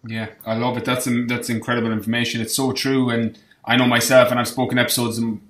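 A man's voice: mid-range voice, level tone, fast, fairly bright tone, roomy sound. A man hosting a podcast, encouraging his guest and often chiming in to agree. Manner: encouraging, with frequent agreeing interjections. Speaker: podcast host. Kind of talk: casual interview chat.

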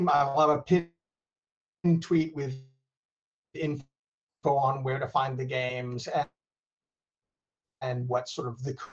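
A man joins a podcast remotely and speaks slowly, pausing often as he lists his links. His voice sits a little high. The call sound is dull and lo-fi. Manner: halting, hesitant plugging. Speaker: guest game developer. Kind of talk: casual remote interview. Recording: muffled lo-fi internet call.

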